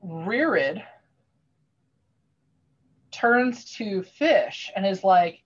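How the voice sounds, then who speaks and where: A woman talking casually over a video call, her voice a little low for a woman and the audio muffled and lo-fi. She rambles through a story with lots of restarts and fillers, growing animated as she goes. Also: moderate pace, pauses often, husky. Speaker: craftsperson sharing her work on a video call.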